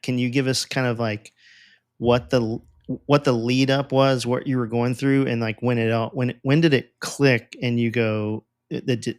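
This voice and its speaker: A man hosting a podcast, asking a long, rambling question in a relaxed, casual way. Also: mid-range voice. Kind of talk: casual interview chat.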